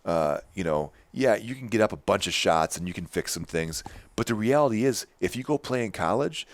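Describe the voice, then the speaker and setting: Podcast host, middle-aged man, very low pitch, loud and emphatic, dry close sound. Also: fairly quick, no echo. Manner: animated, emphatic storytelling with many restarts. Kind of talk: casual podcast chat.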